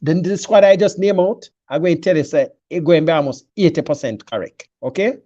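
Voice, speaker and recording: A man's voice: a little high, fairly quick, dark tone, dry recording, lo-fi sound. A man with a Jamaican accent in a casual sports chat, confidently breaking down a team selection and mixing patois with English. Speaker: football pundit.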